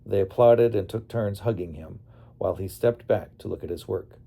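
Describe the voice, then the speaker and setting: A man tells his memoir in a plain, storytelling delivery. His voice sits low and sounds mellow and soft-edged. The telling stays steady and unhurried in tone. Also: gravelly. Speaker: narrator. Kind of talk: memoir narration.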